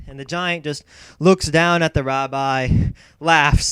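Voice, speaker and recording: A man's voice: on the high side, takes it slowly, clear, resonant tone, no echo. A young man telling a long comic story in a rambling way, full of asides and restarts. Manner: rambling, self-interrupting, deadpan asides. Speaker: comedic storyteller.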